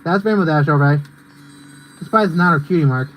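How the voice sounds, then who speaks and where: Over a low-quality recording with a little hiss or hum, a young man gives loose, ranty commentary while streaming a racing game, leaning heavily on fillers. His voice is on the high side and fairly bright, at a moderate pace.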